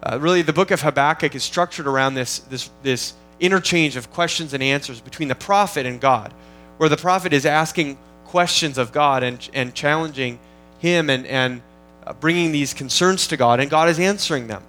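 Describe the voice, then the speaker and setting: An earnest male pastor delivers a sermon, his voice pitched a little high for a man. He teaches steadily, often repeating and restarting phrases as he thinks aloud. Faint music plays softly behind him. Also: normal speed, low-quality recording. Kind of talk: expository sermon.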